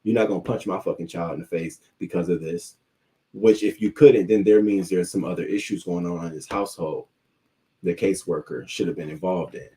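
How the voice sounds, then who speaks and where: A man's voice: low voice, fairly even intonation, brisk, mellow. A man hosting a live news commentary stream, ranting in a heated, profane way with many restarts while reacting to his chat. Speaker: livestream news commentary host.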